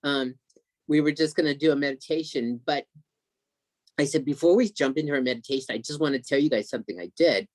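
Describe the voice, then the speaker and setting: Man, excited storyteller, slightly high voice, dry sound, video call. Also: fast, no echo. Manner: excited, emotional storyteller who acts out quotes. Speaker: guest.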